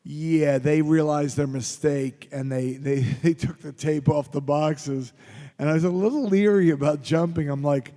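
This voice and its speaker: A man's voice: a little high, fairly even intonation, moderate pace, warm tone. Joking man in a reverberant hall. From Philadelphia. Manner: rambling, joking anecdotes with laughs. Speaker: convention guest actor. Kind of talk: convention panel Q&A storytelling. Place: convention panel room.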